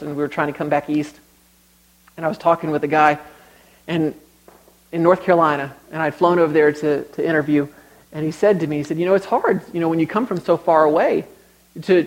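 Young male preacher, high voice, chatty storyteller who turns emphatic. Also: rough recording. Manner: conversational storytelling, rising to emphatic exhortation. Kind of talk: sermon.

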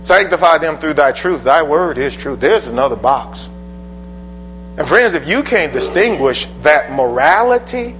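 A man preaching a sermon, stressing key phrases and drawing them out slowly. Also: sits high, a bit bright, poor audio. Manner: emphatic, drawn-out stressed phrases.

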